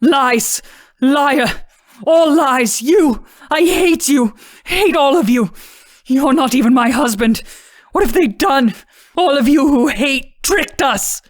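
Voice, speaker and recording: A woman's voice: high-pitched, expressive, slow, no room sound, studio quality, pitched above the performer's own voice. A woman narrator voicing a feral, hysterical mother in an audiobook who shrieks frenzied accusations.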